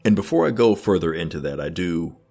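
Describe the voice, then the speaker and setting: A man giving an analytical commentary in a measured, thoughtful way, with small restarts as he searches for words. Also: deep voice, lively intonation, mellow, slightly rough, faint music behind. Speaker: video essayist.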